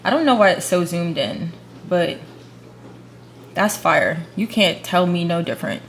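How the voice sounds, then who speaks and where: A young woman vlogging at home, chatting casually and slangily while shopping online, gasping and whispering when excited. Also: on the low side, measured pace. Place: room at home. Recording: echoey room with faint hum.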